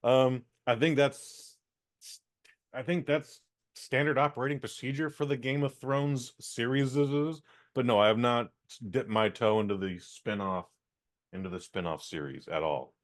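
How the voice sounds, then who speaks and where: A man's voice: mid-range voice, unhurried. A man from San Francisco co-hosting a casual podcast, rambling bluntly and swearing. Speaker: podcast co-host.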